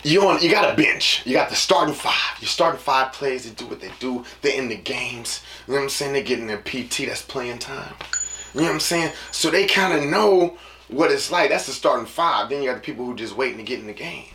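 A man's voice: mid-range voice, lively intonation, a little fast, pushed and bright, reverberant, a little hiss or hum. A man hosting a casual solo podcast, rambling through a story in loose slang and acting out voices. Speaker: podcast host.

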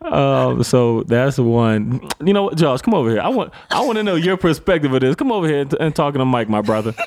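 A man's voice: medium pitch, big pitch swings, a little fast, darkish tone. Laid back guy host, teasing his guest, lots of mm-hmms. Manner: easygoing, teasing, affirming. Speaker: podcast host, athlete. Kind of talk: casual interview chat.

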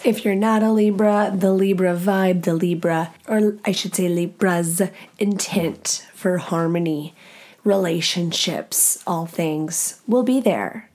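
A woman in her early thirties with a mid-range, darkish voice hosts her own podcast. Chatting solo, she's candid, profane and talkative, laughing along the way.

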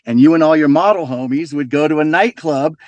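A man's voice: fairly high pitch, brisk, no room sound, muffled recording. A middle-aged man telling loose, profane stories as a podcast guest in casual chat. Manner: loose, swears freely, animated storyteller.

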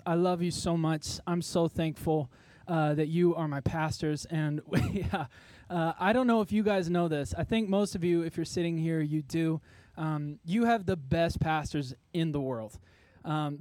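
A worship pastor from Texas gives a chatty, self-deprecating sermon to a church congregation, with many fillers and frequent laughs. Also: male voice, high-pitched, a little mellow, no room sound. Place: church service before a congregation.

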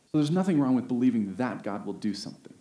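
A man preaching a sermon, earnest, rising to emphatic peaks and slowing down on key phrases. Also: medium pitch, animated, warm tone. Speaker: pastor. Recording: roomy echo.

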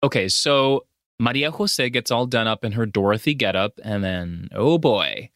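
A man's voice: fairly low pitch, moderate pace, no echo, studio quality. A man from the United States co-hosting a podcast, recapping a film in casual chat and acting out the characters' lines. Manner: animated retelling with acted-out quotes. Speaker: podcast co-host.

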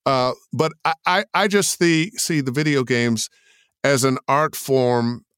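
Smooth-voiced older man telling stories. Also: mid-range voice, takes it slowly, dry recording, clean studio sound. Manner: animated storyteller, acts out quotes in put-on voices. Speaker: voice actor guest. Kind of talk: interview answers.

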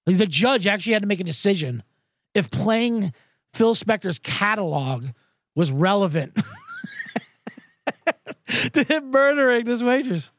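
A man's voice: high voice, expressive, measured pace, long pauses, dry recording. A male podcast host telling a profane, sarcastic comedic story and acting out the people in it. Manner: profane, sarcastic, acts out quoted voices.

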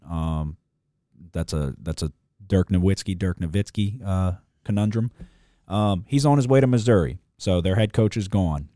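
A man's voice: low voice, warm tone, dry recording, studio quality. A man co-hosting a casual sports betting chat, blunt and profane, rambling through his picks with lots of fillers.

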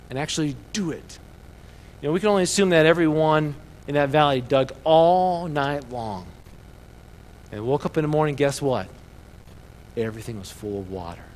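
A man, the pastor of a church, preaching a sermon that swings from fired-up bursts to quiet, personal asides. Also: on the high side, normal speed, long pauses. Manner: preaching with rising excitement and quieter reflective asides.

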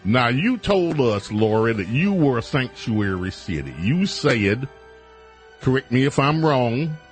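A man's voice: medium pitch, sing-song, unhurried, faint music behind. A man hosting a talk radio show, delivering a sarcastic, folksy monologue with mocking asides.

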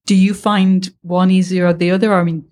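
A woman hosting a podcast, asking questions in a lively way and laughing easily. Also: fairly low pitch, fairly quick. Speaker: podcast host and interviewer. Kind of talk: interview.

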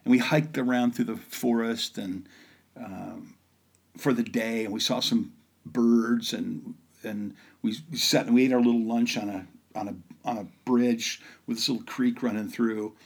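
A middle-aged man from the Midwest telling personal stories in a lively way, acting out the voices of the people in them. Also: medium pitch, unhurried, vocal fry, breathy edge. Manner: animated, acts out the voices in his stories. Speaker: storyteller. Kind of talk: personal storytelling.

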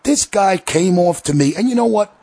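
A man's voice: high-pitched, expressive, moderate pace, mellow, slightly rough, no room sound. A man hosting a podcast, delivering a profane, sarcastic, heated rant. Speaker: podcast host. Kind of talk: ranting podcast commentary.

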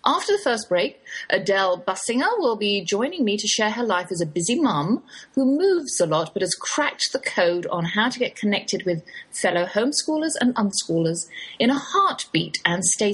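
An older woman with an English accent, hosting a radio show in a chatty, playful scripted monologue. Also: husky. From England. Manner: chatty, playful, lively pitch swings.

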